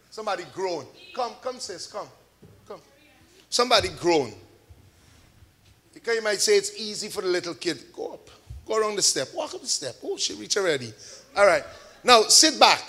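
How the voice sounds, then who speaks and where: A man preaching a sermon to a congregation, shouting key words, drawing out call-and-response and mixing in chatty everyday examples. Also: high-pitched. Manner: homely store examples, chatty asides. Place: church service with a congregation.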